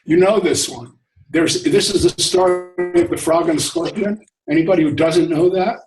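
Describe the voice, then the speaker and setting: A man hosting an online discussion, telling stories in a relaxed way and chuckling often. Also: high-pitched, moderate pace, gravelly, soft background music. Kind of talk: casual spiritual talk. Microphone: video call. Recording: echoey room, distant from mic.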